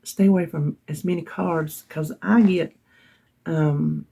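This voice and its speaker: Middle-aged woman, Southern US accent, casual vlog chat, self-deprecating, dark mellow tone. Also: low-pitched, fairly even intonation, takes it slowly, gravelly, husky. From North Carolina. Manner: chatty and self-deprecating, laughs often, drops to whispers. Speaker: vlogger.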